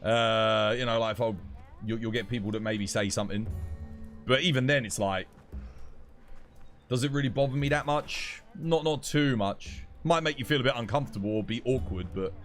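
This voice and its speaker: A man with a London accent talks at an easy, mid-pitched register while he plays a game on stream. His chat wanders and restarts often, loose and unhurried. Faint music plays underneath. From England. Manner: rambling, relaxed, lots of "like" and restarts. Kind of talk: casual chat while gaming.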